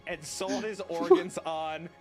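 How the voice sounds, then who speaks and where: A man's voice: a little high, slow, loud music behind the voice. A man in a group stream telling an absurd story with giggles. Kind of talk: playful group banter.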